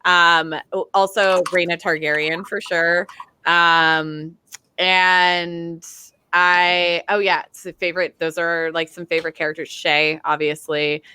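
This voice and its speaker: A woman's voice: on the low side, level tone, unhurried, sharp tone, clear, resonant tone. A woman guest in casual fan chat, bubbly and rambling, with lots of fillers.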